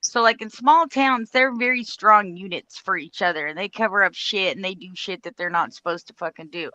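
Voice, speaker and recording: A woman's voice: mid-range voice, brisk, sharp tone, no room sound. A woman in casual chat, talking bluntly and swearing freely as she gives her opinions. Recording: dull lo-fi audio.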